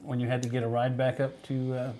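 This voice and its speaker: A man's voice: mid-range voice, completely flat delivery, fairly quick, warm tone. A man hosting a livestream, talking in an easygoing, rambling way. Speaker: livestream host. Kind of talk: casual chat.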